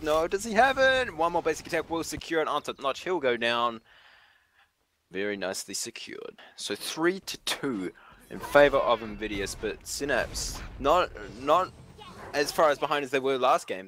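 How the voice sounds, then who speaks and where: A man's voice: mid-range voice, fairly bright tone, slight background noise. A man with a New Zealand accent doing play-by-play esports commentary, exclaiming at big plays.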